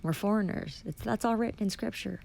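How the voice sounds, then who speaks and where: Woman, gravelly voice, angry profane rant, sarcastic, reads a document aloud and argues back. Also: mid-range voice, brisk, a little mellow. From Canada. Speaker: vlogger reading and rebutting a policy document. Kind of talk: angry ranting monologue.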